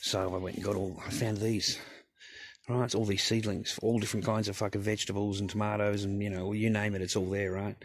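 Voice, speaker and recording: A man's voice: lowish voice, flat delivery, fairly quick. A man talking to camera in his garage, in a blunt, rambling rant full of swearing. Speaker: vlogger. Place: home garage.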